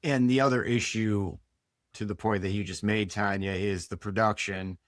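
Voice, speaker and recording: A man's voice: fairly low pitch, fairly even intonation, normal speed, no room sound, clean studio sound. A man with a US Northeastern accent on a panel, talking in an earnest, emphatic way and laughing easily. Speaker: co-host. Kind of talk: casual panel talk.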